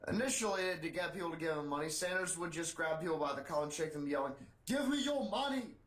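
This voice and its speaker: A man co-hosting a casual podcast, reading satirical news in a dry, deadpan way. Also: a little high, rapid-fire. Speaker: podcast co-host. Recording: echoey room.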